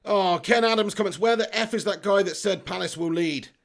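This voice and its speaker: A man's voice: sits high, a little fast, gravelly. A man hosting a live football watch-along, commentating on play, reading out chat comments and ranting at his team. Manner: exasperated, swears casually, rants at own team. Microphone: phone.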